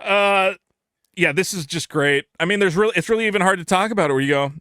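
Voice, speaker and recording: A man co-hosting a podcast, chatting casually about trading cards in a blunt, animated way, swearing and mocking imagined critics. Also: high voice, fast, smooth, dry recording, clean studio sound. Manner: animated, blunt, swears, mocks people in quoted rants. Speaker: podcast co-host. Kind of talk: casual card-game chat.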